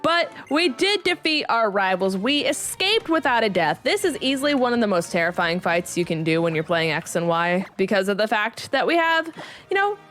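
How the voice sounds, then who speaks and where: A young woman giving bubbly, animated gameplay commentary as a video creator, laughing often. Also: mid-range voice, normal speed.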